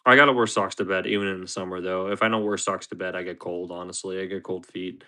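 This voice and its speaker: A man's voice: low voice, fairly even intonation, fast talker, bright, forceful tone. A man chatting casually on a live stream, rambling and chuckling as he reads chat aloud.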